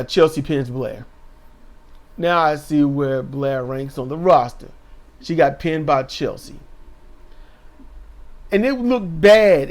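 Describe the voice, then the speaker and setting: High-voiced sarcastic man recapping wrestling. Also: a little mellow. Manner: sarcastic, mocking impressions in a raised voice. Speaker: wrestling show reviewer. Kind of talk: casual recap commentary.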